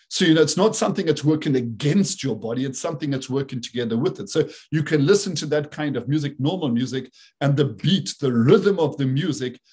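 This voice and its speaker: Slightly husky man explaining music beats. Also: a little high, darkish tone. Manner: explanatory, imitates beats with syllables. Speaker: presenter. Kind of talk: talk with played video clips.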